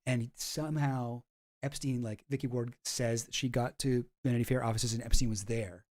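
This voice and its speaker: A man's voice: mid-range voice, steady tone, moderate pace, a little mellow. A man giving casual, rambling commentary with lots of fillers, reading documents aloud as he goes.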